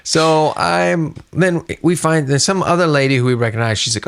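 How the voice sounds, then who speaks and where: This middle-aged podcast co-host has a medium-pitched, creaky voice, speaking at normal speed with few pauses. He tells a story animatedly in casual chat, voicing each person he quotes.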